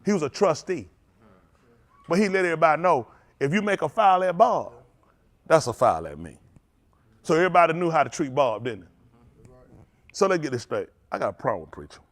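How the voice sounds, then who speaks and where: Animated preacher man with a high, swooping voice. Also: fairly quick, long pauses. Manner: animated, confrontational preaching with congregation call-outs. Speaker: pastor. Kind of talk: sermon.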